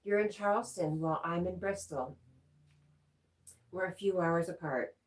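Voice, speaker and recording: A woman's voice: on the low side, a little slow. A middle-aged woman hosting a casual livestream, chatting and answering viewer comments with giggly asides. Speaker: livestream host.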